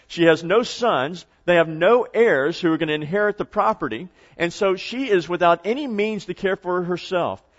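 A man's voice: high-pitched, animated, moderate pace, few pauses. A man preaching a sermon, retelling and explaining a story in a conversational way. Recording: dull lo-fi recording.

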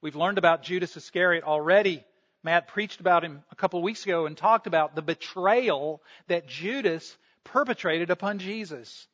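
A man's voice: high-pitched, normal speed, a bit bright, muffled recording. A male pastor preaching a sermon, retelling scripture as a story and acting out the quoted voices.

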